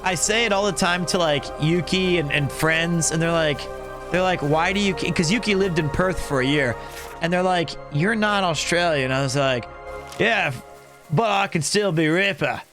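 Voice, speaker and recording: A man's voice: on the high side, moderate pace, over music. A man streaming a game and chatting casually, rambling and joking in a playful way. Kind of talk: casual live-stream chat.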